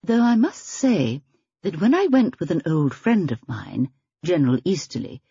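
A woman's voice: low-pitched, big pitch swings, moderate pace, mellow, husky, no room sound, highs cut off, full character voice. Woman reading as a prim elderly spinster sleuth. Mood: musing. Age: older. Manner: prim, thoughtful, murmuring.

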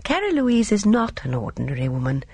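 A woman voicing a gentle, apologetic elderly spinster sleuth in an audiobook, hesitant and flustered, with a breathy tone. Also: medium pitch, huge pitch swings, fairly quick, no echo, voice pushed up, heavily acted. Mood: fretful. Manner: hesitant, flustered, soft-spoken. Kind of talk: audiobook character voice.

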